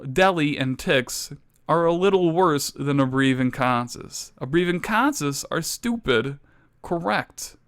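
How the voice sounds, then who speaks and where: A young man giving a mock-serious comedy lecture, ranting with exaggerated outrage that climbs toward near shouts. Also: medium pitch.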